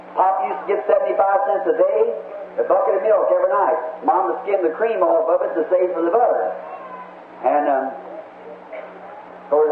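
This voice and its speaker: High-voiced preacher on a tinny old tape. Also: male voice, echoey room, slight background noise. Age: middle-aged. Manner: homespun, chatty, asks the congregation questions and chuckles. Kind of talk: folksy sermon. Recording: tinny, lo-fi archival recording.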